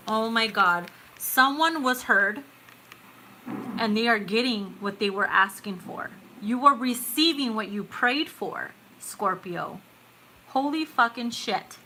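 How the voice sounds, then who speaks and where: A woman in her thirties reads tarot live with a bright, forceful edge to her voice. Her pitch sits a little high, and her delivery is excitable and casual. She swears freely and calls listeners "boo" and "babe.". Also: slight background noise, low-quality recording. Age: 30s. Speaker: tarot reader.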